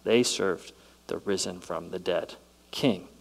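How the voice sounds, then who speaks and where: Man preaching, soft to excited. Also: deep voice, takes it slowly, vocal fry, poor audio. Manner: dynamic preaching, swings from soft to loud and excited. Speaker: pastor. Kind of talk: sermon.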